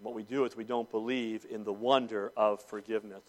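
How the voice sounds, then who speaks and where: A man preaching a sermon to a congregation in a church, swinging between loud declarations and hushed intensity. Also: lowish voice, fairly even intonation, a little fast. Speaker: pastor.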